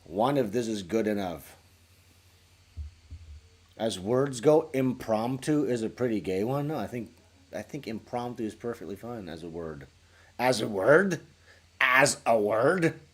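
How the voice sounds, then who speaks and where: A man with a fairly low voice chats on his own livestream in a loose, rambling way. He jokes crudely and now and then jumps into loud bursts. He talks close into a small studio microphone. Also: animated, measured pace, slightly rough. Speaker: livestream host. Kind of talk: casual livestream chat.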